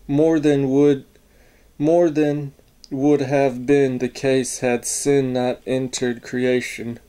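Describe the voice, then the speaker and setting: Man, coin review vlog, casual and halting, slow pace, low-key dark tone. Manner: slow, halting, unsure talk with fillers and self-corrections.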